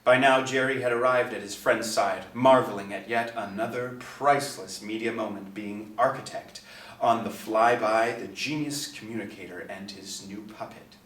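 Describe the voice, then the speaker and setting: A man narrating a novel in a steady, expressive reading. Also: fairly low pitch, moderate pace. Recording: echoey, distant mic.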